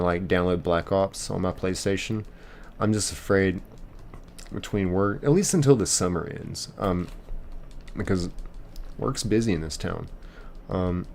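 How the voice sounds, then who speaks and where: Man, live streamer, low voice, loose rambling chat, faint background noise. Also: gravelly, darkish tone. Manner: rambling, reads and answers chat. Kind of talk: casual chat while gaming.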